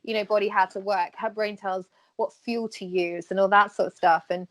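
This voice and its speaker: Animated woman guest in casual chat. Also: mid-range voice, moderate pace. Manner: animated, acts out quoted exchanges with laughter. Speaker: podcast guest, former athlete.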